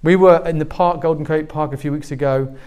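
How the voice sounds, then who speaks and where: Pastor, forties, man, higher-pitched voice, lively storytelling sermon. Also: brisk, clean tone. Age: 40s. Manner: animated storytelling, acting out quoted voices.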